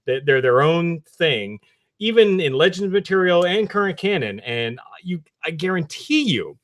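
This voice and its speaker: A man's voice: on the high side, big pitch swings, unhurried. A man co-hosting a podcast, chatting casually and enthusiastically, swearing often. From New Jersey. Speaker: podcast co-host. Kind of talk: casual chat.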